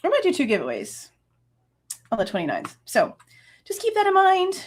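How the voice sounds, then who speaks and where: Woman, 30s, casual livestream rant, angry and swearing, laughs between outbursts, fairly high voice. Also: wildly swooping pitch, fairly quick, long pauses, husky. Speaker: true crime livestream host.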